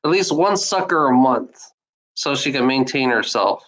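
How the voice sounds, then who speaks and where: A woman's voice: extremely low pitch, expressive, moderate pace, low-quality recording. A woman in a casual rambling monologue, swearing freely and often breaking into laughter.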